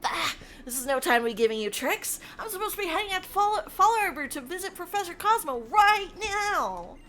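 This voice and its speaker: A woman's voice: very high voice, lively intonation, a little fast, sharp tone, faint music behind, voice pushed up, heavily acted. A woman reading the lines of a cocky young male hedgehog rival in a breezy, dismissive way.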